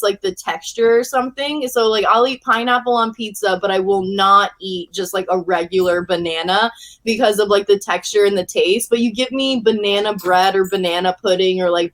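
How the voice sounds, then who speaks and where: A woman's voice: medium pitch, steady tone, moderate pace, fairly bright tone. A woman from Hawaii, a guest on a video-call chat show, talking casually, bubbly, laughing often and saying "like" a lot. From Hawaii, USA. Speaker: podcast guest. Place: home, lives in LA.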